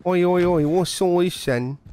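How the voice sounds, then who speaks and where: A man doing a deliberately bad mock British accent, playing a brash, shouty bloke in a goofy, exaggerated way. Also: high-pitched, smooth, pitched above the performer's own voice. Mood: rowdy mocking.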